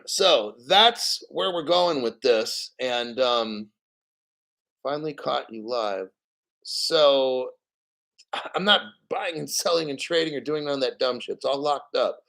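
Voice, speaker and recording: A man's voice: mid-range voice, expressive, takes it slowly, gravelly, a bit bright. A man hosting a crypto channel, ranting bluntly and profanely in a casual livestream. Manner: mocking put-on quotes.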